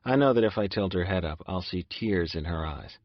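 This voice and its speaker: A man's voice: low voice, expressive, brisk, no echo, highs cut off. A man narrating a first-person audiobook in a subdued, confessional way.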